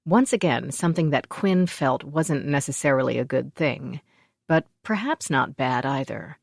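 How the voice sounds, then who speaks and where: Low-voiced woman narrating an audiobook. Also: vocal fry, no room sound, clean studio sound. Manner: even, measured storytelling. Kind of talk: scripted narration.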